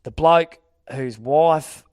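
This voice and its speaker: A man's voice: on the high side, extremely slow, a little mellow, clean tone, dry recording. Rambling Australian man telling a yarn. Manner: rambling anecdotes, laughs while telling. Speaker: podcast co-host. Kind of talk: casual storytelling chat.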